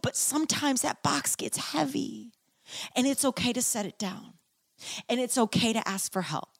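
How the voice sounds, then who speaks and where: A woman's voice: on the high side, breathy edge, no room sound. A woman hosting a podcast and giving a motivational talk, earnest and emphatic. She repeats her points and keeps asking "right?". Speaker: podcast host and keynote speaker.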